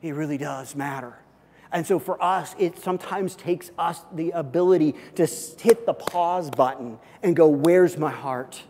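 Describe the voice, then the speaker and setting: A male pastor preaches in an earnest, emphatic way and hammers home key phrases by repeating them. His voice sits a bit high for a man. It rings out with the long reverb of a large church hall. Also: a little mellow, slight background noise. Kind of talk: sermon.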